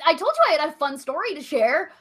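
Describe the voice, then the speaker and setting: A young woman co-hosts a nerdy comedy podcast and tells a story in loose, casual chat. She rambles, filling her talk with likes and ums. Her voice is bright and set a little high. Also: sing-song, fast talker.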